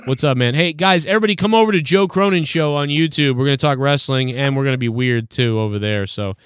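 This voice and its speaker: A man's voice: medium pitch, quick pace, clear, resonant tone, no echo, studio quality. A man hosting a casual live call-in show, loose and profane, laughing often. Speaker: host.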